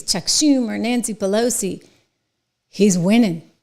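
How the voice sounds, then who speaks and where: Woman, host, opinion commentary, emphatic, excitable, chatty. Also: mid-range voice, brisk. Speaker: show host.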